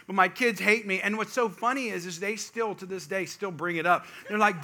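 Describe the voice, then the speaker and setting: Pastor, man, middle-aged, high bright voice, animated sermon storyteller. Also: fairly quick, hardly any pauses. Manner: animated storytelling, builds to loud emphatic peaks.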